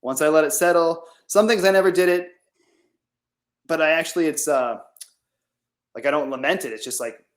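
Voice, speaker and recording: With a voice on the high side, a moderate pace and long pauses, the male farmer guest meanders through a casual remote-call interview, using "like" over and over.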